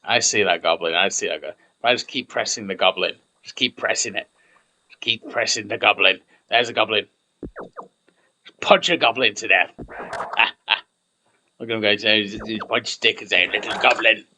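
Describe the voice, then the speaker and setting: A man's voice: lowish voice, fairly even intonation, moderate pace, bright, forceful tone, a little hiss or hum, low-quality recording. A young man rambling through casual gameplay commentary, chatty and self-mocking.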